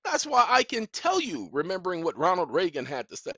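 A man's voice: wildly swooping pitch, a little fast, husky, no echo. A man giving an impassioned, preachy monologue to camera, full of rhetorical questions to his audience. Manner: swings between loud outbursts and low, hushed stretches. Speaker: video blogger. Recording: dull, dry lo-fi recording.

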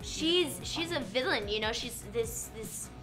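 A woman's voice: on the high side, animated, measured pace, over music. A woman film cast member chatting casually in a press interview, hesitant with lots of fillers.

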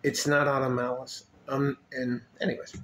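A man's voice: mid-range voice, flat delivery, normal speed, fairly bright tone. Rambling joking man in an echoey room. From West Texas, USA. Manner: rambling, joking, drifts off topic. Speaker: vlogger. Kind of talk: casual rambling monologue to camera. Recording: roomy echo with faint noise.

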